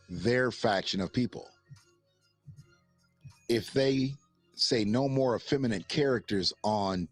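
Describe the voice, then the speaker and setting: Husky, profane man on a livestream. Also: on the low side, no echo. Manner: profane, rambling, laughs often, reads chat aloud. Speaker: livestream host. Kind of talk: casual livestream commentary.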